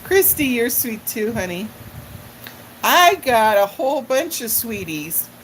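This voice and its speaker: A woman's voice: fairly high pitch, sing-song, slow, fairly bright tone, slight background noise, low-quality recording. A middle-aged woman hosting a live stream in a casual chat, rambling as she greets viewers by name and answers their comments. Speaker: livestream host.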